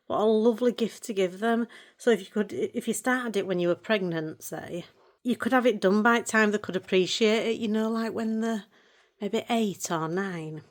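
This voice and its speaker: A middle-aged woman, talking casually and warmly about her hobby books. Her voice sits in an ordinary middle pitch. Her talk is chatty and emotional, broken up by frequent laughter. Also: normal speed. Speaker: colouring channel vlogger. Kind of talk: casual chat showing books.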